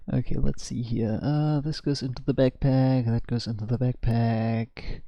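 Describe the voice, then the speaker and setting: A man's voice: medium pitch, no echo, lo-fi sound. A man whose first language is German, chatting casually and laughing as he hosts an online tabletop game. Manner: chatty, laughs often, trails off mid-sentence. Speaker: player and stream host.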